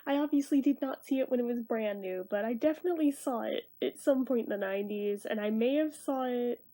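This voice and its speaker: A woman in her thirties, tired and half awake, rambling quietly through a casual late-night movie review. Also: on the high side, brisk. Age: 30s. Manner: rambling, talking quieter than normal.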